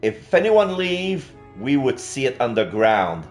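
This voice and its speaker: Slow, halting streamer. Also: male voice, medium pitch, huge pitch swings, soft background music. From Quebec. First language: French. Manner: slow, halting, many fillers and restarts. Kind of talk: live gameplay commentary.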